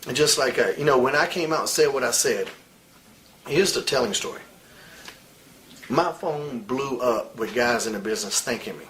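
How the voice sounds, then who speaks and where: A man's voice: mid-range voice, expressive, normal speed, pauses often, a bit bright, a little hiss or hum, poor audio. A man in his forties in a candid interview, telling stories bluntly, with a lot of swearing and real heat. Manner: blunt, profane, heated storytelling. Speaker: interviewee, wrestler.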